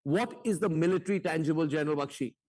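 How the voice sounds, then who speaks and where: A high-voiced man anchors a heated televised debate. He is combative and mocking, and he hammers his point with rhetorical questions stacked one after another. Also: quick pace, darkish tone.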